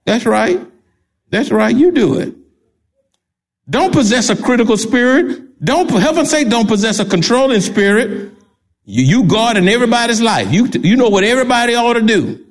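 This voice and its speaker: Animated high-voiced older Texan preacher. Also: male voice, brisk. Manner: emphatic preaching with repeated phrases. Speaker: pastor. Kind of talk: sermon.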